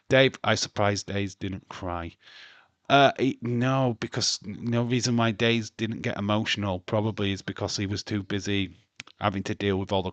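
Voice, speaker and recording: Male streamer, slightly low pitch, dry sound; casual, sweary, ranting host. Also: no room sound. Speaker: wrestling livestream host. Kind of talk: casual livestream chat.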